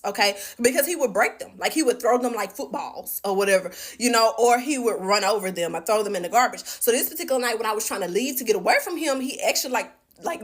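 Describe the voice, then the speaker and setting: A woman telling a personal story to viewers in a chatty, animated way, full of fillers. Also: a little high.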